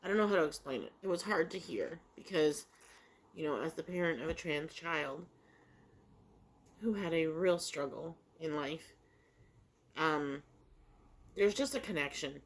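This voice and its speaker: Eating breakfast as she talks, this middle-aged woman vlogger rambles casually through a story, full of fillers and restarts. She speaks low and animated at a measured pace, leaving long pauses.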